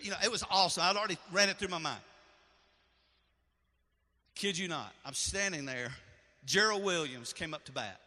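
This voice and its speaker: A middle-aged man preaching a sermon, telling a personal story with strong emotion and swinging between loud and soft. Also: fairly high pitch, expressive, moderate pace, long pauses. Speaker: pastor. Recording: echoey hall.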